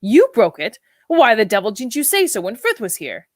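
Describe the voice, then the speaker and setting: A woman's voice: a little high, wildly swooping pitch, moderate pace, no echo, studio quality, pitched above the performer's own voice. A woman reading the part of a brusque, impatient upper-class husband who speaks in a clipped, exasperated way.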